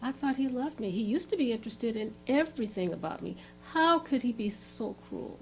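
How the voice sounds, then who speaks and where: A woman's voice: on the high side, expressive, a little fast, faint music behind, pitched above the performer's own voice, close to an everyday voice, poor audio. A woman voicing a hurt wife who speaks in a wounded, pleading way. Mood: hurt, indignant. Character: hurt, heartbroken young wife.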